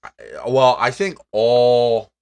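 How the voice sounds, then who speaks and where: A man's voice: medium pitch, steady tone, takes it slowly, smooth. A man co-hosting a casual podcast, laid-back, laughing along and steering the chat to the next topic. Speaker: podcast co-host.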